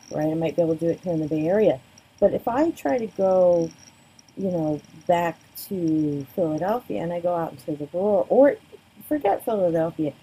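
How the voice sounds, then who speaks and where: Woman sociology lecturer, very husky voice, mellow tone, chatty delivery, asks "right?" a lot. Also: low-quality recording. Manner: conversational, keeps asking "right?"; acts out quoted voices with big pitch jumps. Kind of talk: recorded lecture. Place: the Bay Area.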